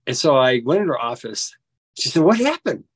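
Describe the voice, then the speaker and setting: A man tells a personal story as an interview guest, acting out quoted dialogue with big pitch jumps. His delivery is halting, and he often restarts his sentences. The recording is dry and slightly rough.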